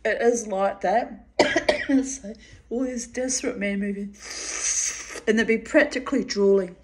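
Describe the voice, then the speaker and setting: A woman's voice: mid-range voice, measured pace. Laughing, swearing woman storyteller. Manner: lively, laughs while telling, swears freely. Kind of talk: casual personal storytelling.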